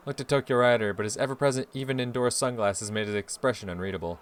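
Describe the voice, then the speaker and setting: A man's voice: medium pitch, quick pace. A man hosting a game playthrough, reading the story aloud expressively with swearing asides. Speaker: let's play host.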